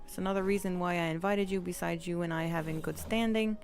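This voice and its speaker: Brief: woman game streamer, rambling and playful, slight vocal fry. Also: lowish voice, fairly even intonation, fast talker, a little mellow, soft background music. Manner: rambling, playful, chatty with viewers. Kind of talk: live game stream chat.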